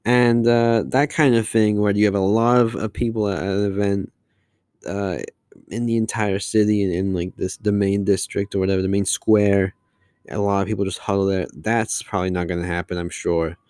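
A man's voice: on the low side, little pitch movement, moderate pace, darkish tone, clear, resonant tone, dry recording, studio quality. A man hosting his podcast alone, talking casually in a long-winded, rambling way. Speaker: podcast host. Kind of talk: casual solo monologue.

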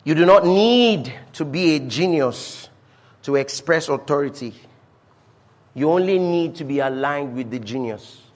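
A pastor preaching to his church, a man with a fairly high voice. He hammers home repeated lines and swings between loud declarations and soft, low asides. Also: expressive, measured pace. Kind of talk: sermon.

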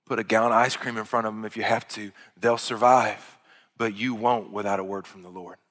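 A male pastor preaching a sermon, rising to loud, high-pitched exhortation and dropping to hushed, quiet passages. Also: fairly even intonation, brisk. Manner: impassioned preaching that swells loud and high, then drops to hushed tones. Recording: long hall reverb.

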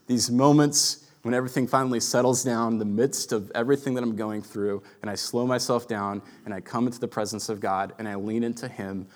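A man in his thirties preaching a sermon, earnest and reflective, often dropping to a hushed voice. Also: on the low side. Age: 30s. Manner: earnest, reflective, drops to a hushed voice for quiet moments. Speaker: pastor.

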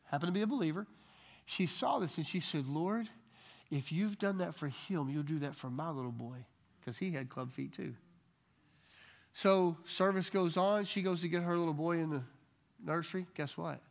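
A man with a somewhat high voice and some vocal fry teaches a church Bible study. He tells healing stories energetically and switches fast into quoted voices.

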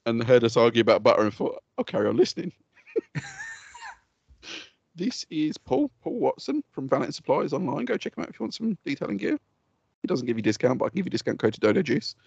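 A man ranting on a podcast in gravelly, husky tones, his pitch leaping all over the place as he talks fast. He swears freely and bursts into heated banter. The recording is dull and lo-fi, and the room sounds dry. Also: sing-song, dry recording. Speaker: podcast co-host. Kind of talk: casual chat.

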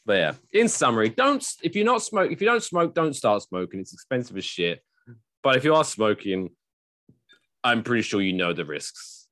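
A man hosting a podcast, chatting casually in a jokey, animated way and swearing freely. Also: mid-range voice, normal speed, dry recording, studio quality. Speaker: podcast host.

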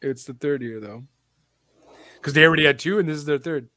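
A man's voice: fairly high pitch, a little fast, pushed and bright, dry recording, studio quality. A young man hosting a casual wrestling chat show, rambling with lots of fillers in an upbeat way. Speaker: podcast host.

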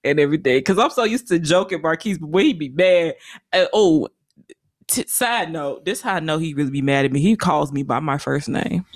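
A woman's voice: deep voice, brisk, no room sound. A woman co-hosting a casual podcast, talking in easygoing slang. She is playful and breaks into laughter often. Her voice is close and dry with no room sound. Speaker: podcast co-host. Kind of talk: casual chat.

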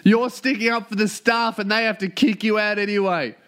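A man imitating a brash male comedian mockingly roasting a heckler onstage, in a loud, cutting voice. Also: sits high, fairly even intonation, a little fast, clear, resonant tone, voice pushed up.

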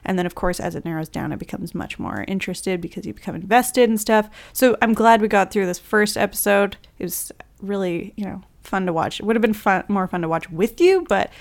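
A woman's voice: mid-range voice, animated, gravelly. A young woman co-hosting a podcast, chatting casually and giggling through a reality show recap. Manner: chatty, giggly, quick asides. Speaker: podcast co-host.

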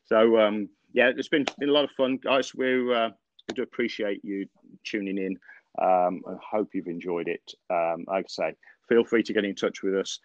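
A man's voice: lowish voice, fairly even intonation, normal speed, a little hiss or hum. A man hosting a golf podcast, chatting casually and telling stories with lots of fillers and restarts. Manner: rambling, many fillers and restarts, laughs often. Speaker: podcast host, golf coach. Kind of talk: casual podcast chat, storytelling. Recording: dry, dull lo-fi podcast audio.

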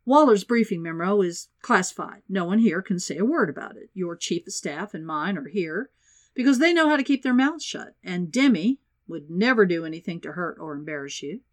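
A woman's voice: fairly low pitch, lively intonation, moderate pace, close to an everyday voice. A woman reading the lines of a scheming male presidential adviser, reassuring and matter-of-fact. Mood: persuasive.

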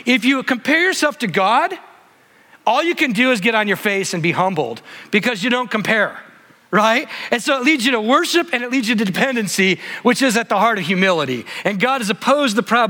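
A man preaching an expository sermon as a pastor, conversational and building to animated emphasis. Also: high voice, long reverb tail.

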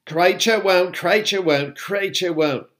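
A man voicing a resentful male house elf who croaks and shrieks the same refusal over and over. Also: sits high, slow, a bit bright, voice pushed up. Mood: sulky. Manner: repetitive stubborn chanting.

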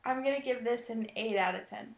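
A woman's voice: fairly high pitch, fairly quick, creaky, roomy sound, heavy background noise. A woman in a casual movie chat, talking in a chatty way with many likes and ums. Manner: chatty, uses like and um a lot.

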